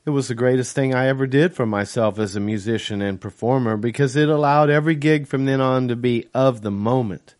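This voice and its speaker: A man reading his own novel aloud as first-person audiobook narration, in a steady, measured way. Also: mid-range voice.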